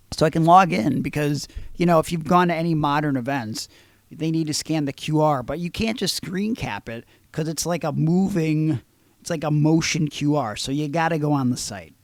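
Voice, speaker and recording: A man hosting a podcast, telling stories in a casual, animated, profane way. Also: on the high side, moderate pace, dry recording. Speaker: podcast host. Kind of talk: casual chat.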